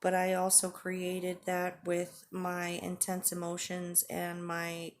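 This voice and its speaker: A woman in her forties talking candidly to the camera in a halting, earnest way, with frequent pauses and fillers. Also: fairly low pitch, monotone, a little hiss or hum. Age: 40s. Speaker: vlogger. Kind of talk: candid personal vlog talk.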